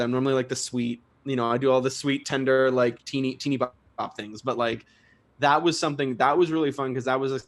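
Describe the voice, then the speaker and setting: A young male singer, appearing as a guest, chats casually in an interview with a mid-range voice. He's self-deprecating and talkative, laughing often and frequently restarting his sentences.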